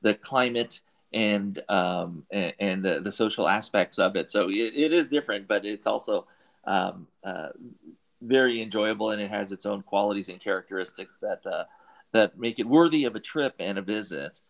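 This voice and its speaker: Interviewing a guest on his podcast, a middle-aged Southern Californian man rambles through restarts and fillers. He speaks at a moderate pace in a lowish voice with vocal fry.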